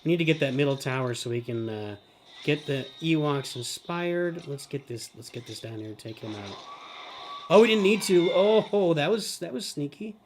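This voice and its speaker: A middle-aged man hosting a live game stream. He gives running commentary, often calls himself by name in the third person, and breaks into excited shouts. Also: medium pitch, normal speed, a little hiss or hum. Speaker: streamer host.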